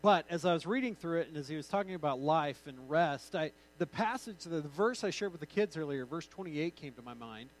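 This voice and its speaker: A man's voice: fairly high pitch, expressive, a little fast, hardly any pauses, low-quality recording. A male pastor giving an informal, conversational sermon with joking asides.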